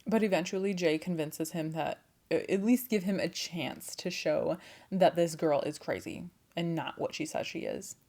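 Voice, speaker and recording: A young woman tells an old folktale in a loose, chatty way, dropping swear words and laughing asides into the story. Her voice sits a little low for a woman. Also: normal speed, darkish tone. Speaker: storyteller and channel host. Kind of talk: casual storytelling with voiced quotes.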